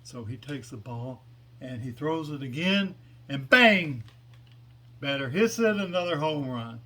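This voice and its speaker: A man's voice: medium pitch, animated, measured pace, sharp tone. A man telling a long joke as a casual story, meandering and hesitant with many fillers. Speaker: joke teller.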